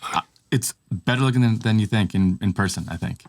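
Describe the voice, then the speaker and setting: A man's voice: fairly low pitch, fairly quick. A man co-hosting a casual tech podcast, easygoing and thinking aloud with frequent restarts. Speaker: podcast co-host.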